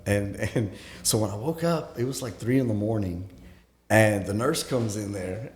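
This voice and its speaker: Male guest, lowish voice, halting conversational storyteller, echoey room. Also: slight background noise. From Texas. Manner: halting, with many restarts and fillers, acts out quoted voices. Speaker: guest, former teacher. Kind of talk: casual storytelling in an interview.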